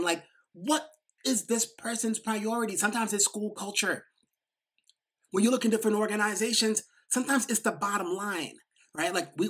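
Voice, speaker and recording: A woman with a New York accent giving a motivational talk, quick and emphatic, with many "like" fillers. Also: mid-range voice, a bit bright, slightly rough. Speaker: speaker.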